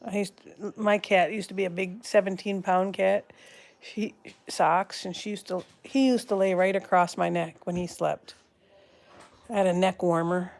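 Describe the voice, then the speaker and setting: Gravelly-voiced woman chatting on a home stream. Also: lowish voice, fairly even intonation, normal speed, a little mellow. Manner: rambling, breaks off mid-word and restarts, talks to her pets. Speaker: live-stream host chatting with viewers. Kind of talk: casual live-stream chat.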